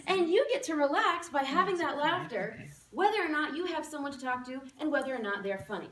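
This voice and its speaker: High-voiced woman teaching a crowd, super bouncy and playful, echoey room, faint hiss. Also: lively intonation, brisk, a bit bright, far from the mic. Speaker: laughter yoga presenter. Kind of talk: live demonstration speech to an audience. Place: room with a live audience.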